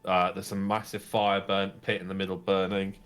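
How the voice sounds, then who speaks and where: A man's voice: low-pitched, monotone, moderate pace, fairly bright tone. A man narrating as game master and voicing the non-player characters in a tabletop role-playing game, in a casual, rambling way.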